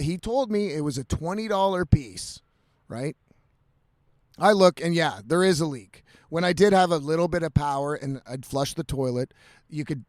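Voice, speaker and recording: A man's voice: on the high side, no room sound. A man ranting profanely in a casual vlog, slightly intoxicated, breaking into laughs. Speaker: vlogger.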